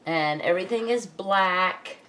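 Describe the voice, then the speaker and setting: Woman vlogger, lowish voice, unhurried self-talk, rambling with little chuckles, at home. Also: bright, forceful tone, a little hiss or hum. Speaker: crafting vlogger. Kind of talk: thinking aloud while repairing a computer. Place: home room.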